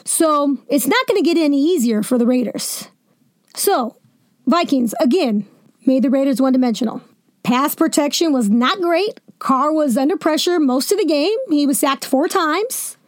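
A young woman with a high, bright voice talks football on her podcast, joking and venting in quick asides. The sound is close and dry, with no room around it. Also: no echo. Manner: animated, jokey, venting with laughs and asides. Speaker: sports podcast host. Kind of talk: casual sports commentary.

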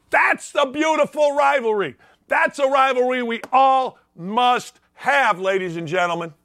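A man's voice: sits high, pushed and bright, no room sound, studio quality. A middle-aged man hosting a sports talk show, ranting through an opinionated monologue with folksy exclamations.

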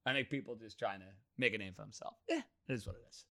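A man's voice: on the low side, fast talker, pushed and bright. A man hosting a sports talk radio show, emphatic and opinionated.

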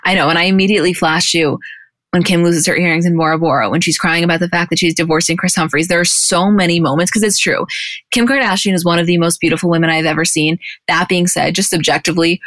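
A woman co-hosting a podcast, recapping episodes in animated, casual storytelling with the odd swear. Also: fairly low pitch, fast, no room sound, clean studio sound. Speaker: podcast co-host.

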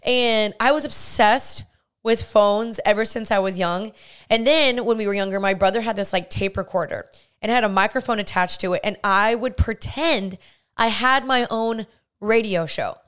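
A woman's voice: mid-range voice, a bit bright, clear, resonant tone. A woman in her twenties, a podcast host, telling a casual story in a bubbly, gushing way with lots of "like". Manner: bubbly, gushing, heavy use of "like".

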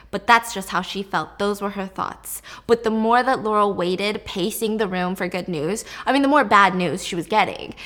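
A woman's voice: medium pitch, a bit bright. A woman telling a true story in a casual, chatty way, swearing offhand and talking straight to the listener.

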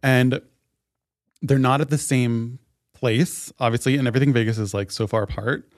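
A man's voice: mid-range voice, fairly even intonation, normal speed, dry recording, clean studio sound. A man co-hosting a podcast, telling a story in casual chat, full of "like" fillers. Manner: chatty storyteller, heavy "like" fillers. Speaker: podcast co-host.

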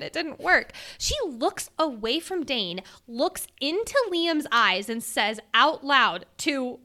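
Bright, animated young woman. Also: on the high side. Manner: animated, swearing, laughing often. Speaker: podcast co-host. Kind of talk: casual book discussion. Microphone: studio microphone.

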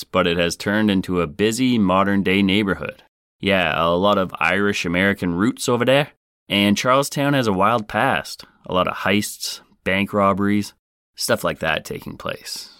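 Man, very deep voice, dry close sound, sarcastic, joking podcast host. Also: a bit bright, clean tone, no room sound. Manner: wisecracking, sarcastic, playful. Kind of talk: comedic true-crime podcast narration.

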